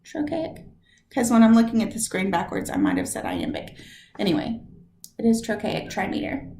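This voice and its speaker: A woman's voice: medium pitch, huge pitch swings, normal speed, warm tone, a little hiss or hum. A woman teacher giving a recorded poetry lesson, stretching out words and syllables to show where the stress falls. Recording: echoey room.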